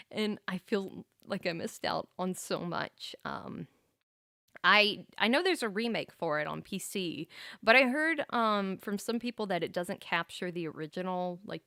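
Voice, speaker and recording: A woman streamer chats casually to her viewers, rambling from one thought to the next and laughing often. Her voice sits at an ordinary middle pitch. The sound is close and dry, with no room echo. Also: fairly bright tone. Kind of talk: casual livestream chat.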